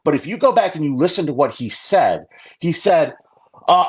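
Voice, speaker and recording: A man's voice: a little high, big pitch swings, normal speed, husky. A man, a guest on a live stream talk show, speaking bluntly and indignantly, swearing freely and rambling as he makes his point.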